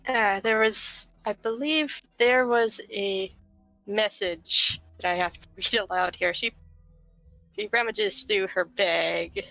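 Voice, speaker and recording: Bright-voiced woman game master. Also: medium pitch, slow pace, creaky, no room sound, soft background music, poor audio. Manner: hesitant, with fillers. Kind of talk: narrating a tabletop game.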